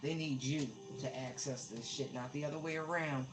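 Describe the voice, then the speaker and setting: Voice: medium pitch, steady tone, normal speed, music in the background, poor audio. A tarot reader giving a casual, emphatic live-streamed reading, often repeating words for stress.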